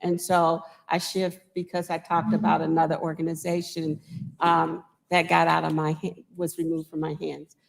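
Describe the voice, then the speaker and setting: A woman's voice: sits low, monotone, normal speed, gravelly. A woman speaking bluntly as a panelist in a live discussion.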